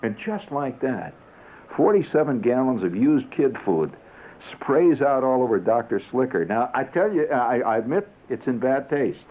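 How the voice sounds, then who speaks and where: A man's voice: medium pitch, very animated, normal speed, noisy background. A man telling a comic monologue on the radio in a rambling, conversational way with chuckling asides. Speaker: radio storyteller. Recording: tinny 1970s radio broadcast.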